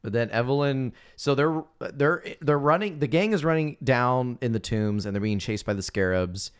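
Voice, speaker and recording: A man co-hosting a casual movie podcast, joking and retelling scenes with quick silly voices. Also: medium pitch, animated, smooth. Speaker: podcast co-host. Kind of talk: casual movie-review chat.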